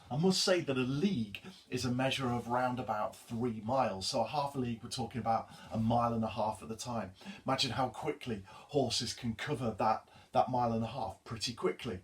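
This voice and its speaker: A man reading a poem aloud, then explaining it as a teacher in an emphatic, measured way, repeating the key lines. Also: mid-range voice, far from the mic. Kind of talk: poetry reading and literature lesson.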